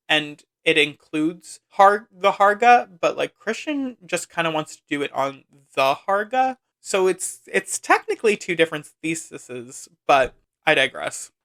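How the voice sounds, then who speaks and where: A man's voice: fairly high pitch, pushed and bright. A man hosting a podcast, chattily recapping a film with lots of asides and "like.". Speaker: podcast host.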